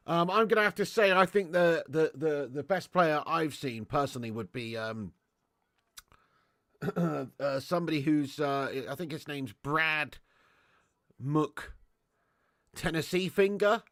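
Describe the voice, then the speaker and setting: A man's voice: on the high side, measured pace, pauses often, a bit bright, no echo, clean studio sound. A man hosting a football watch-along stream, chatting casually and reading out fan messages with slang and swearing. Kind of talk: live stream chat reading super chats.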